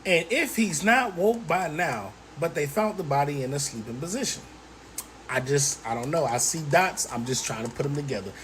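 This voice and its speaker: A woman's voice: low voice, moderate pace, a little hiss or hum. A woman giving true-crime commentary, questioning and sarcastic in her delivery. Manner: animated, rhetorical questioning, sarcastic.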